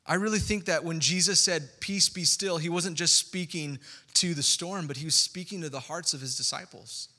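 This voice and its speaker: A man preaching a sermon as pastor, in a conversational, animated way with asides to the congregation. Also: on the high side, long reverb tail.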